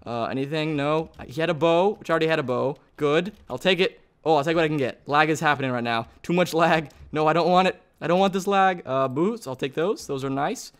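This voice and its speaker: A young man giving casual, excitable commentary over his own gameplay as a gaming channel host, chatting to his opponents. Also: on the high side, a little fast, few pauses, clean tone. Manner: excitable, talks to opponents, bursts into shouts.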